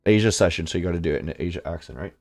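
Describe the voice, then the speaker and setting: A young man from Canada hosting a live trading stream, chatting casually, reading chat aloud and swearing when excited. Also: low voice, racing. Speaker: livestream trading host.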